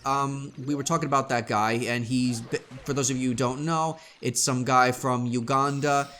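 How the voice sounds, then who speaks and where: A young man co-hosting a let's play, chatting casually in a rambling, halting way. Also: mid-range voice, steady tone, pushed and bright, slight background noise. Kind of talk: casual gameplay chat.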